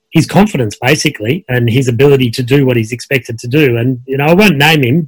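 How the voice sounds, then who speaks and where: A man's voice: mid-range voice, breathy edge, dry recording. Australian man telling stories, dry sound. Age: middle-aged. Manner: relaxed storyteller, many fillers. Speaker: guest coach. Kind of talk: casual conversation. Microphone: video call.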